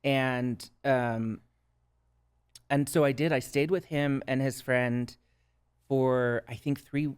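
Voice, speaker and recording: A man's voice: mid-range voice, steady tone, takes it slowly, pauses often, clean tone. A man with a Minnesota accent, a guest on a podcast, earnestly telling his own story in a reflective way and often checking in with "right?". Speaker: guest, substance use counselor. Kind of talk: casual podcast conversation.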